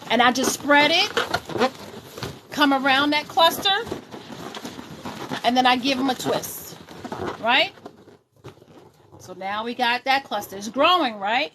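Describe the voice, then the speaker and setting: A middle-aged woman with a New York accent hosts a live tutorial in a chatty, sassy way, greeting viewers by name as she works. Her voice sits high. A faint hiss runs underneath. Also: takes it slowly, pauses often. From Brooklyn, New York. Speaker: balloon decor tutorial host. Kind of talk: casual live-stream tutorial.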